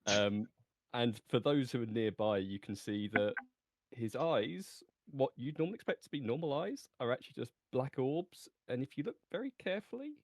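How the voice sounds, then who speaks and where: Animated male tabletop player. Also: mid-range voice, dry recording. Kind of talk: casual tabletop play.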